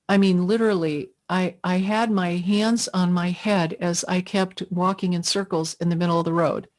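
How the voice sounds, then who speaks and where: A woman's voice: lowish voice, a little mellow. A middle-aged woman telling a personal story, earnest and emotional, acting out what she said to herself. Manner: earnest, emotional storytelling with quoted inner speech. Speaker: witness speaker. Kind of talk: personal testimony.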